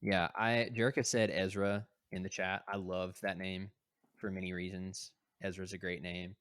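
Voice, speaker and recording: Male podcast host, low voice, teasing, casual. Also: level tone, moderate pace, fairly bright tone, smooth, no room sound, studio quality. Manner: teasing, steers the show. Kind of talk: casual chat.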